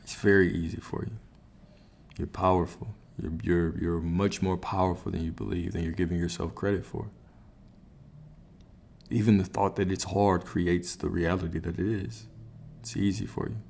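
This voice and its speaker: A man with a very low, deep voice talks like a coach on a livestream. He speaks emphatically, repeats his points and often tags a "right?" onto them. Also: steady tone, moderate pace, vocal fry, darkish tone, slight background noise. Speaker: spiritual coach. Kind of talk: motivational livestream talk.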